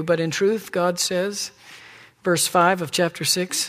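A man preaching a sermon who swings from hushed whispers to loud, emphatic pleading and acts out quoted voices. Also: high voice, level tone, slow. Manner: acts out God and the people in quoted lines. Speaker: pastor.

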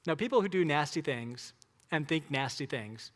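A man's voice: on the high side, animated, moderate pace, big-room sound. A man preaching a sermon as pastor, conversational and emphatic, asking the congregation rhetorical questions.

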